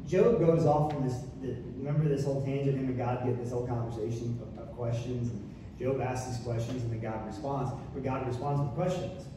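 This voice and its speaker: A man's voice: medium pitch, fairly even intonation, a little fast, background noise. A man preaching a sermon as pastor, with impassioned, repetitive delivery. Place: church sanctuary. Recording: echoey room from far off.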